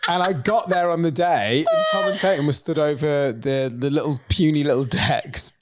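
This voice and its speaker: A man, co-hosting a podcast and telling a story with animated, laughing energy. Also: fairly high pitch, normal speed, heavy background noise. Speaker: podcast co-host. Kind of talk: casual chat.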